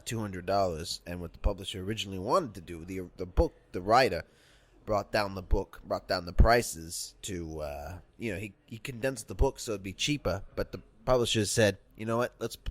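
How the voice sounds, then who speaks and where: A man hosting an improvised comedy podcast, hesitant and halting, with many fillers. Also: low-pitched, a bit bright. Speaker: podcast host.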